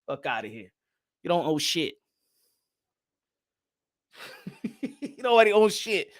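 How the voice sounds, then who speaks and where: A man's voice: fairly high pitch, very animated, takes it slowly. A man from New York with a New York accent, talking in a loose, profane, laughing monologue as a boxing channel host. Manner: loose, swearing, laughing often.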